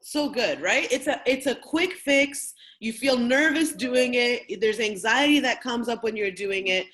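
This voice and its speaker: A woman in her thirties leading a training session and telling a personal story in a candid, lively, conversational way. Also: on the high side, measured pace. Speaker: workshop facilitator.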